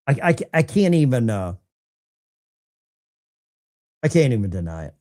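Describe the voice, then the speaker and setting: A man hosts a political commentary stream, talking to his viewers as if they were in the room. His delivery is slow and drawn out. His pitch leaps and drops as he reacts with disbelief. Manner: animated, incredulous, talks to the chat.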